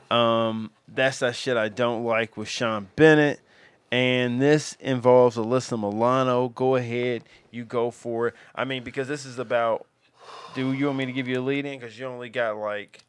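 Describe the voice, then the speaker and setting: A man hosting a podcast, telling stories about his teen daughter in a profane, animated way that swings into loud acted-out quotes. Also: mid-range voice, moderate pace, clear, resonant tone. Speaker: podcast host, father of teens. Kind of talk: casual podcast storytelling.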